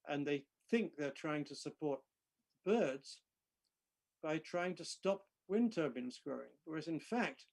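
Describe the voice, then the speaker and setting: A man's voice: on the high side, gravelly, a little mellow. An English man, a physicist guest, chatting with dry joking understatement. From England. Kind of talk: casual chat.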